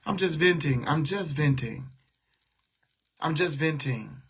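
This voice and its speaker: A man's voice: on the high side, lively intonation, unhurried, a bit bright, breathy edge. A man venting to viewers on a livestream, blunt and talking back to their comments. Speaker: livestream host.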